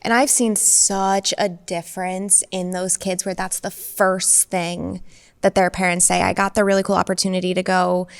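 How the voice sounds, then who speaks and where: A woman co-hosting a podcast, telling a story in a lively way and acting out the people she quotes. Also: moderate pace, creaky, no echo. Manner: animated storyteller, acts out quotes with jumps in pitch. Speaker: podcast co-host. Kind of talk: casual storytelling chat.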